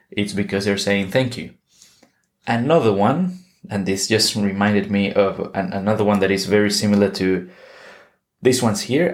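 A man with a somewhat low voice, speaking English as a second language. He hosts a podcast lesson and talks through vocabulary patiently, circling back and correcting himself as he goes. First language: not English. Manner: explains slowly and patiently, with frequent restarts and self-corrections. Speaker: English teacher and podcast host.

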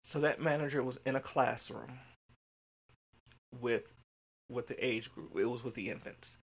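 A man who directs childcare centers, telling a workplace story in a candid, animated way, swearing freely and laughing. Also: mid-range voice, unhurried, gravelly, husky. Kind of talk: casual storytelling monologue.

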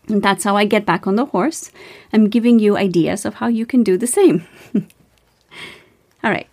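A woman's voice: mid-range voice, normal speed, long pauses, darkish tone. An earnest woman hosts a motivational podcast, working through numbered verses. She reads them out, then talks about each one in an encouraging way, stumbling now and then with fillers and restarts. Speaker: podcast host.

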